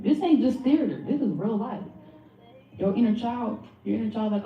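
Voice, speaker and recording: A woman giving a blunt, animated workshop talk to a live audience, swearing freely and speaking straight to the crowd. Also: a little high, normal speed, faint music behind. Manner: blunt, profane and animated, addresses the audience directly. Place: lecture room with an audience. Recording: phone-like audio from far in an echoey room.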